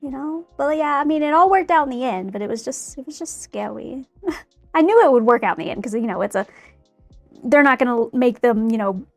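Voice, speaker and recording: High-voiced young woman rambling and giggling, dry close sound. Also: lively intonation, a little fast, creaky, no room sound, faint music behind. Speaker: streamer painting a figure. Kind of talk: casual chat while crafting.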